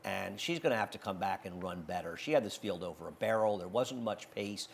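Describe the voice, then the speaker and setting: A fairly low-pitched man hosting a horse racing show. He talks through his betting picks in a blunt, animated way, sure of his opinions. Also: brisk, creaky, slight background noise. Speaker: racing handicapping show host. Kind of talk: casual betting analysis chat.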